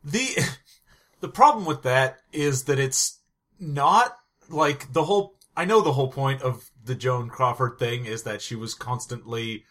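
A man's voice: medium pitch, fairly bright tone. A man co-hosting a casual movie-review podcast, sarcastic and playful. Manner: sarcastic, playful, quick bits. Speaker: podcast co-host.

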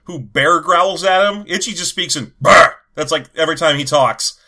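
A man's voice: a little high, moderate pace, sharp tone. A man co-hosting a podcast, casually recapping film scenes and riffing with a co-host. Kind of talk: casual chat reviewing a film.

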